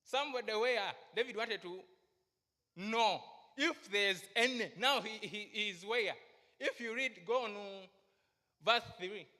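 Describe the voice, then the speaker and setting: A woman preaching a sermon to a congregation, slow and emphatic, asking her listeners questions. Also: mid-range voice, pushed and bright, long reverb tail. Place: church hall.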